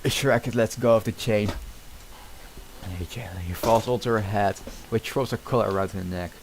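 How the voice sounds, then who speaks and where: A man's voice: fairly low pitch, a little slow, a little hiss or hum, low-quality recording. A man streaming as he reads a film script aloud, often stumbling and restarting mid-sentence, with casual asides.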